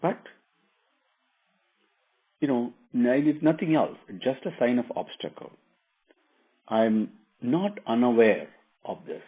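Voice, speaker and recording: A calm, noble young prince speaks in a measured, husky voice, voiced by a male storyteller. The audio is thin and narrow, like a phone call. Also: medium pitch.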